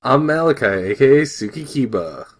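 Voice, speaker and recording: Mid-pitched man chuckling in podcast chat. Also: expressive, normal speed, husky. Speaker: podcast co-host. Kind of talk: casual chat.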